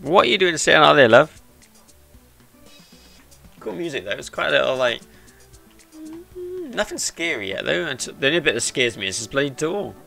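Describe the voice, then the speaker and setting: A man's voice: a little high, big pitch swings, a little fast, vocal fry, long pauses, bright, forceful tone, soft background music. A man giving chatty, jokey let's-play commentary and talking to the characters on screen. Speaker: gaming YouTuber.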